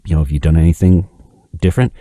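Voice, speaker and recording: A man's voice: sits low, steady tone, fast, mellow, no echo. A man voicing a puzzled male doctor asking questions in a dry way, as part of a joke.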